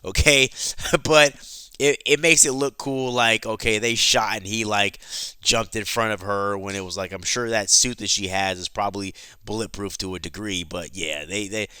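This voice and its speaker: A man hosting a casual comic book recap in a chatty, animated storytelling manner. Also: fairly low pitch, normal speed, clear, resonant tone, dry recording, clean studio sound.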